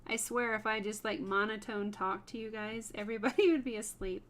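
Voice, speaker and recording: A woman's voice: medium pitch, a little fast, fairly bright tone. A woman hosting a wood burning livestream, chatting casually with viewers by name and laughing often while she works.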